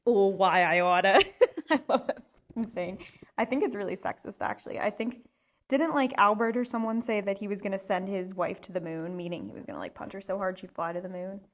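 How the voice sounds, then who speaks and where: A woman's voice: mid-range voice, steady tone, a little fast. A woman hosting a podcast alone at home, chatting casually in a rambling, playful way. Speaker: podcast host. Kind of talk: casual solo chat.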